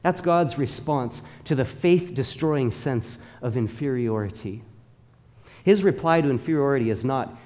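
A man's voice: mid-range voice, animated, measured pace, darkish tone. A male pastor preaching a sermon in a church, with emphatic, rhythmic repetition and calls for the congregation to repeat after him. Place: church sanctuary. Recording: long reverb of a large hall.

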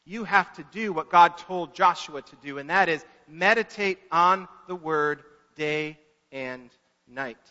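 A pastor preaching a sermon in an earnest manner, repeating words for emphasis. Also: male voice, a little high, a little slow, pushed and bright. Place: church sanctuary. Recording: echoey church hall, dull lo-fi.

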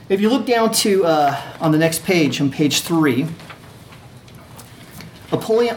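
A man teaching a class on a religious allegory, talking conversationally, repeating phrases and checking in with his listeners. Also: on the high side. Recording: echoey room with faint ambient noise.

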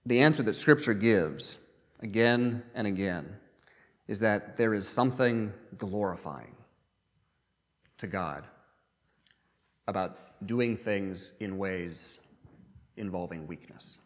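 A man preaching a sermon in a conversational way, often pausing with um and uh and repeating words as he goes. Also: lowish voice, animated, in a large hall. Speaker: pastor.

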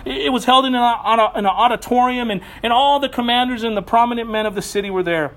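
A pastor delivering a sermon in a conversational, playful way, with asides and quick laughs. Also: male voice, very high-pitched, a bit bright.

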